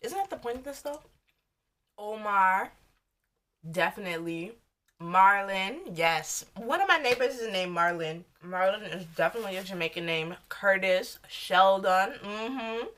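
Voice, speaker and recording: Eating on camera for a mukbang vlog, this young woman from the United States rambles loosely and candidly. She speaks a little slowly, with a medium-pitched, animated and fairly bright voice.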